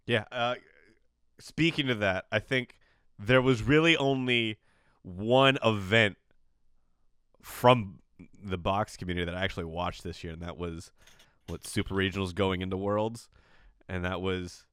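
A man's voice: fairly low pitch, unhurried, pauses often, fairly bright tone, smooth, no room sound, clean studio sound. Laid-back man hosting a podcast. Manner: laid-back, laughs easily, playful. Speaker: podcast host. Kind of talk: casual podcast chat.

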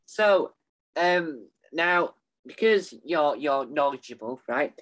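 A young interviewer asks questions with eager enthusiasm. He keeps restarting and stumbling over words. His pitch sits in the middle range. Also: expressive, fairly bright tone. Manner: eager, halting, many restarts. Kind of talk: casual interview.

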